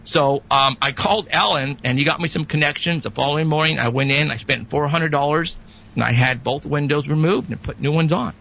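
A man guest telling a story in a rambling, animated way, with many restarts. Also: a little high, a little fast, gravelly, rough recording. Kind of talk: casual storytelling.

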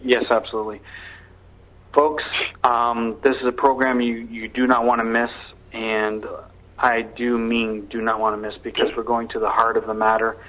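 A man's voice: medium pitch, flat delivery, moderate pace, muffled recording. A man speaking as a radio show guest, earnest and promotional. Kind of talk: casual radio talk.

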